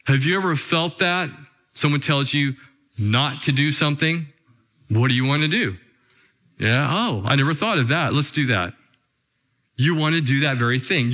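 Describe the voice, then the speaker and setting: Man preaching a sermon, emphatic, bright forceful voice, rhetorical questions. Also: on the high side. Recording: long hall reverb.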